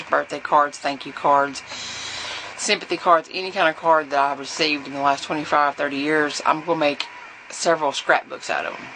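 A woman's voice: sits low, noisy background. Chatty rambling woman vlogging. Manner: chatty and rambling, with fillers and restarts. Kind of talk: casual chat to camera.

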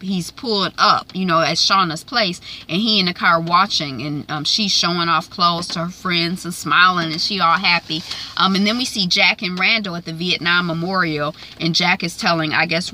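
A woman's voice: lowish voice, bright, forceful tone. A woman casually recapping a TV episode, retelling scenes and quoting characters in her own voice, with many fillers. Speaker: TV recap host.

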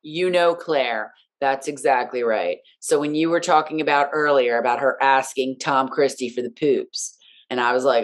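A woman's voice: lowish voice, a little slow, a bit bright. A woman co-hosting a casual podcast, talking animatedly and indignantly and acting out her own reactions. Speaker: podcast co-host recapping a TV episode. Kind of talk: casual chat.

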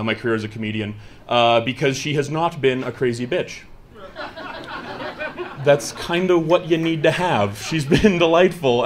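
A man doing a stand-up comedy set on stage, chatty and self-mocking, acting out quoted voices into a handheld mic. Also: medium pitch. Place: comedy stage before a live audience.

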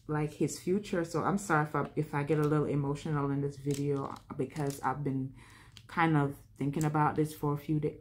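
A woman with a low voice talks in a loose, rambling way as she works on a craft at home. She is candid and talks half to herself. A faint hiss sits under her voice. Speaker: vlog host. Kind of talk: casual chat while crafting.

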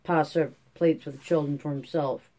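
Mellow, steady audiobook narrator. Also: medium pitch, moderate pace. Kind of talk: scripted narration.

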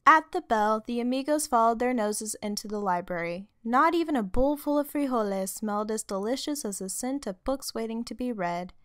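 A woman reading a children's story aloud in a lively, expressive way. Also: fairly high pitch, normal speed, hardly any pauses, no room sound, clean studio sound. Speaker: storybook reader.

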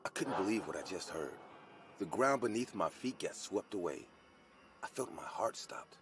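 A man's voice: on the low side, big pitch swings, normal speed, a little hiss or hum. A man giving dramatic, first-person scripted horror narration.

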